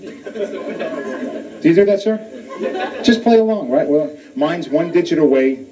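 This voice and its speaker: A man's voice: a little high, expressive. Man, stand-up comedian, club stage, crowd work, distant mic, muffled lo-fi recording. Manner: crowd work, quick punchlines. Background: audience laughter.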